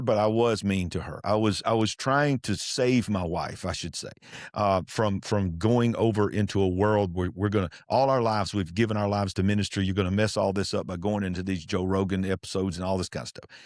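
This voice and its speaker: Middle-aged man, very low voice, earnest storyteller who restarts a lot, dry close recording. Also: no room sound. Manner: earnest, halting with many restarts and fillers. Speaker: pastor, podcast guest. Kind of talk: casual storytelling interview.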